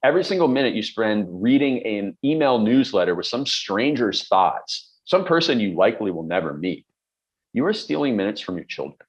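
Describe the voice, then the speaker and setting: Giving advice straight to camera, this middle-aged man coaches on productivity in a blunt, emphatic style with examples from daily life. His voice is on the low side with big pitch swings and a fairly quick pace, and the highs are cut off.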